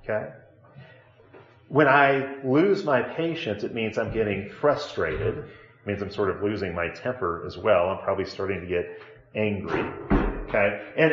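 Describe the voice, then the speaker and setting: Low-voiced man teaching a class. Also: roomy sound, dull audio. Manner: conversational, asks the class questions. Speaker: Bible teacher. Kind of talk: classroom Bible lesson.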